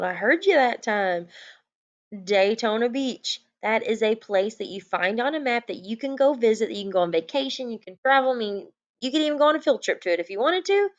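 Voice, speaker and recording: A woman's voice: on the high side, moderate pace. Lady teacher doing a goofy recorded lesson, kinda muffled computer mic. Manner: playful, animated teacher talk with jokes. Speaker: elementary school teacher.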